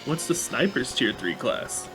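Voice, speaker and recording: A man's voice: medium pitch, very animated, unhurried, over music. A man giving casual gameplay commentary, rambling with lots of fillers and now and then reading game dialogue aloud. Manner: reads game dialogue aloud between remarks. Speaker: let's play gamer.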